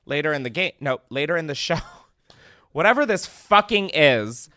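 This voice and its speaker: A man's voice: fairly high pitch, expressive, moderate pace, bright, forceful tone, dry recording, studio quality. A young man hosting a podcast, rambling and self-deprecating in casual comedic chat with frequent swearing. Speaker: podcast host.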